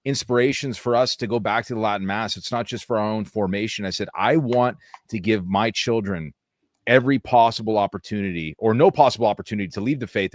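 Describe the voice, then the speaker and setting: A man's voice: fairly low pitch, no room sound, studio quality. A man in his thirties talking casually on a podcast, earnest and enthusiastic, calling his friend dude. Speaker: podcast co-host.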